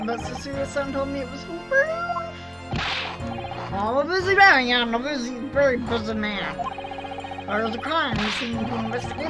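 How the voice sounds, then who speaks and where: A woman reading aloud as a brusque, busy middle-aged male police inspector, loud and complaining. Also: high-pitched. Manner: loud, huffy, put-upon complaining. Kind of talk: reading game dialogue aloud in a voice.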